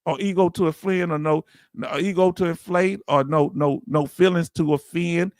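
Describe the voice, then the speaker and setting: A man hosting a livestream, talking casually and warmly straight to his viewers, often repeating himself for emphasis. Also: on the high side, moderate pace, no echo. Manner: animated, talks straight to viewers, repeats "let me tell you something". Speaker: livestream host.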